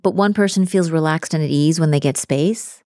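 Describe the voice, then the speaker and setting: A woman speaking as a relationship coach in a casual podcast conversation, animated and acting out the voices she quotes. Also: deep voice, moderate pace, no room sound, studio quality.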